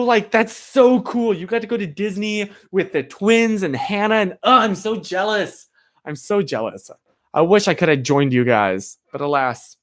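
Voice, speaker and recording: A man live-streaming from a chilly room, chatting casually and rambling with plenty of "like" fillers while answering his viewers. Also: sits high. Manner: answers viewer chat directly. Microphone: streaming microphone.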